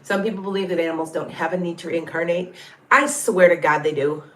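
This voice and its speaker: A woman's voice: fairly low pitch, fairly even intonation, brisk, fairly bright tone, reverberant. A woman, a psychic medium, chatting casually with viewers on a livestream, rambling, heartfelt and frank, now and then salty. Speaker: psychic medium and tarot reader.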